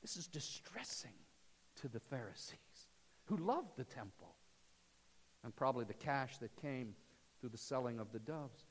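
A man preaching a sermon to his church, swinging from loud emphasis to hushed near-whispers. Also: medium pitch, very animated, unhurried, breathy edge, long reverb tail. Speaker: pastor. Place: church sanctuary.

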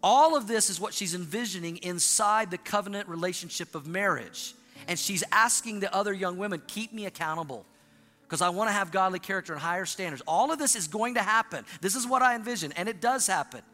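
In a church sanctuary, a male pastor preaches an animated sermon in a high, sharply bright voice, having the congregation repeat lines back to him. The large hall gives the sound a long reverb, and brisk, soft music plays behind him.

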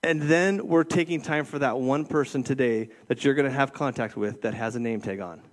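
A man's voice: medium pitch, moderate pace. A middle-aged man giving a conversational sermon as a youth ministry director, often checking in with his listeners. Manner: conversational, keeps checking in with "right?". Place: church room with an audience.

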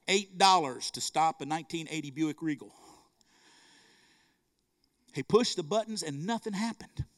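A middle-aged man with a drawl delivers a sermon. His voice sits high for a man, and his fervent storytelling keeps turning into calls to the congregation. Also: moderate pace, a bit bright. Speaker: preacher.

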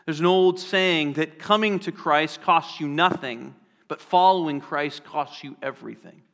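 A man delivers a sermon with a high, bright voice that carries through a long-echoing hall. He preaches earnestly, slowing down and repeating key phrases to drive a point home. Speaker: pastor.

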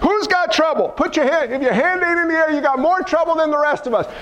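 A man preaching a sermon as pastor, fiery and animated, calling out to the congregation for responses and dropping folksy asides and loud exclamations. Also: extremely high pitch, fast talker, dull audio, a little hiss or hum.

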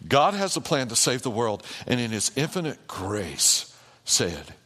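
A pastor preaching a sermon in an animated way, with repeated phrases and calls of "amen" to the congregation. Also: male voice, mid-range voice, unhurried, breathy edge. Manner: animated, repetitive rhetorical preaching with call-and-response. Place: church sanctuary. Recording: long hall reverb in a church.

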